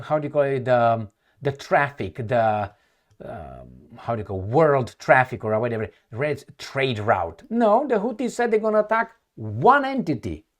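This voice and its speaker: Animated, scornful male commentator. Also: fairly high pitch. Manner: sarcastic, heated, mocking; searches for words, repeats himself. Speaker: political commentator. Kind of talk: reading news aloud and reacting.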